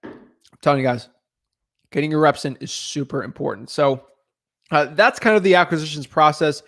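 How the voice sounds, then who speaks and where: A young man with a slightly raised voice coaching his viewers in a relaxed livestream. He talks quickly and loosely, full of fillers, and keeps calling his audience guys. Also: on the high side. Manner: fast, casual, filler-heavy, addresses viewers as guys. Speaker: real estate coach. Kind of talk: casual teaching livestream.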